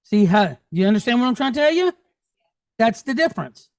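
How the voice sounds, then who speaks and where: A man's voice: very high-pitched, big pitch swings, fairly quick, dry recording. A man teaching a Hebrew class, patiently drilling sounds and checking that students follow. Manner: patient, checks understanding often; drills pronunciation aloud.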